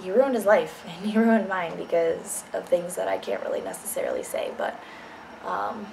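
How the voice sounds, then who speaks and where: A woman's voice: fairly low pitch, expressive, moderate pace, creaky, darkish tone, slight background noise, rough recording. A young woman telling a personal story in a casual vlog, blunt and candid, swearing freely. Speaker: vlogger.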